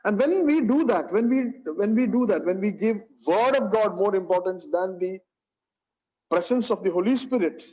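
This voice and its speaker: A man's voice: high-pitched, animated, moderate pace, darkish tone. A man teaching a Bible study, earnest, repeating phrases and saying "you know" often. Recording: dull lo-fi sound.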